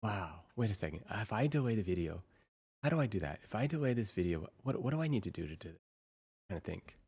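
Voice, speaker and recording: A young adult woman livestreaming in casual chat, excitable and quick to repeat herself in bursts. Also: extremely low pitch, breathy edge.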